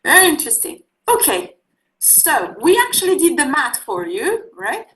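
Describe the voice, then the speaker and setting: A woman teaching a class on sales, talking loosely and often pausing with fillers as she explains. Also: high-pitched, huge pitch swings, a bit bright, a little hiss or hum, rough recording. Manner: conversational, searching for words with many fillers. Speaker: instructor. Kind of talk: online class lecture.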